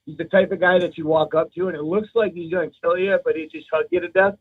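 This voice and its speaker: A man's voice: fairly high pitch, fairly even intonation, quick pace, breathy edge. Chatty man on a tinny phone line. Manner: loose, profane and chatty. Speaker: caller. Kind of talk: casual chat over the phone.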